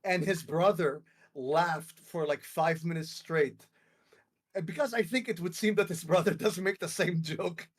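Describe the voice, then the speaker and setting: This is a streamer from Lebanon, a young man running a live call and spinning a story casually while he performs the quotes and curses without restraint. His pitch is fairly high and his delivery a little slow.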